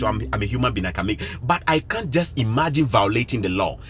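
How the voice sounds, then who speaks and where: A man's voice: mid-range voice, big pitch swings, fairly quick, few pauses, a bit bright, slightly rough. A man from Ghana with a Ghanaian accent, talking to his viewers in a casual live stream, emphatic and preachy, repeating his points. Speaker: vlogger.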